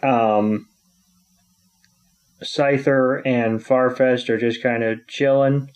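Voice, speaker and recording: A man's voice: mid-range voice, steady tone, slow pace, darkish tone, highs cut off. A man co-hosting a podcast, recapping a cartoon episode in a laid-back, hesitant way with dry asides. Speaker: podcast co-host.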